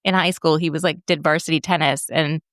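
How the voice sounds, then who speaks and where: A woman's voice: low voice, fairly even intonation, fairly quick, a bit bright, no room sound, clean studio sound. A woman in her thirties co-hosting a podcast, telling family stories in casual chat and laughing often. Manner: chatty storytelling, laughs often. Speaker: podcast co-host.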